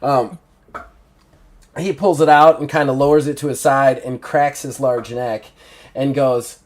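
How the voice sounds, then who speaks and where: A man narrating as game master, animated and quick to laugh. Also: mid-range voice.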